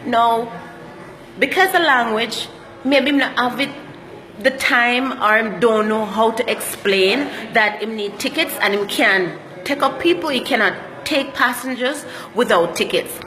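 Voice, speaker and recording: A woman's voice: on the high side, measured pace, bright, forceful tone, long reverb tail, slight background noise. A Jamaican woman telling travel stories in a casual vlog, slipping into patois as she talks. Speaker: travel vlogger.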